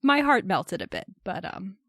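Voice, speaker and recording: A young woman co-hosting a film podcast, recapping the plot in casual chat, wry and quick to laugh, slowing down as she narrates the scenes. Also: mid-range voice, wildly swooping pitch, creaky, fairly bright tone, dry recording, studio quality. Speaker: podcast co-host.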